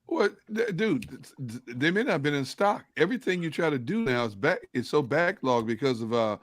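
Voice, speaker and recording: Man, somewhat high voice, dry sound, animated, talkative panelist. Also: fairly quick, dry recording. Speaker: show panelist. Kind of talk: casual sports talk.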